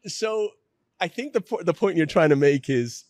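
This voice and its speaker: A man's voice: fairly high pitch, expressive, darkish tone, dry recording. Candid middle-aged man, dry close mic. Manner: emotional, self-deprecating, halting with restarts. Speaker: company president telling his story as podcast guest. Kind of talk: candid conversational storytelling.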